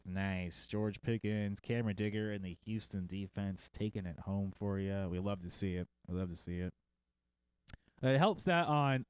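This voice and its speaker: A man's voice: mid-range voice, a little mellow, smooth, no echo. A man hosting a fantasy football show in a casual livestream style, rambling through lists of results with jokey, self-mocking asides.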